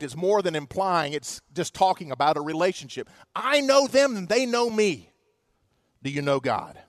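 A male pastor in his forties preaches with an emphatic, questioning delivery. His voice sits very high for a man and comes across dry and close, with little room sound. He slows right down whenever he stresses scripture. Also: no echo. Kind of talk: sermon.

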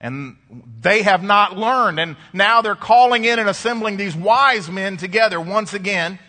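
Male preacher, high and bright, expressive delivery with dramatic pauses, long hall reverb. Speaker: pastor. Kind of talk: sermon.

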